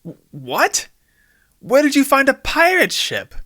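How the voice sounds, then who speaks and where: A man voicing a flustered young male sidekick who keeps asking high, disbelieving questions. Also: wildly swooping pitch, slow, bright, forceful tone, full character voice. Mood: baffled.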